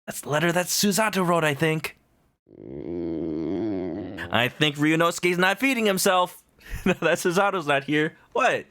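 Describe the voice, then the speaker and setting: A man's voice: high-pitched, measured pace, long pauses, pushed and bright. A young adult man streaming a game, chatting playfully as he reads along. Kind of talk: gameplay commentary.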